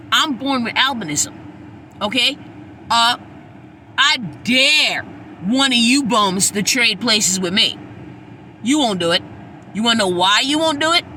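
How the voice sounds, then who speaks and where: A woman's voice: a little high, pushed and bright, slight background noise. A woman hosting her own podcast, talking in a blunt, sassy, preachy monologue and swearing freely. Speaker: podcast host. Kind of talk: casual monologue.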